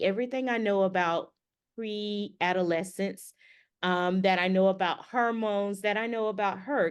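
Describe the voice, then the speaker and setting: A woman's voice: on the low side, clear, resonant tone. A middle-aged woman co-hosting a podcast, telling a story casually and acting out the dialogue with animation. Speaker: podcast co-host.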